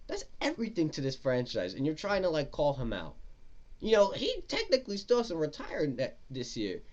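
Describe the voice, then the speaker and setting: A man's voice: on the high side, wildly swooping pitch, normal speed, a little mellow, lo-fi sound. A man giving a casual, profane, exasperated rant as a football fan. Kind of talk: casual ranting commentary.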